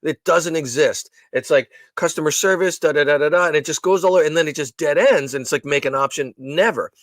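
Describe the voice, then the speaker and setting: A man's voice: fairly high pitch, brisk, no echo. A man co-hosting a podcast in casual chat. He tells stories animatedly, acting out the voices he quotes, with frequent restarts. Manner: animated storyteller who acts out quoted voices, many restarts. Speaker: podcast co-host.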